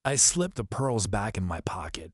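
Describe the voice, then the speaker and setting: A man narrating an audiobook in the first person, in a steady, descriptive storytelling manner. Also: lowish voice, normal speed, slightly rough, dry recording, studio quality.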